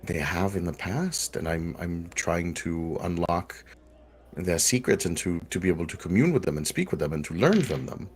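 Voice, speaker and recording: A man's voice: deep voice, animated, normal speed. A man playing a tabletop game, speaking hesitantly and repeating words as he searches for them. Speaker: player.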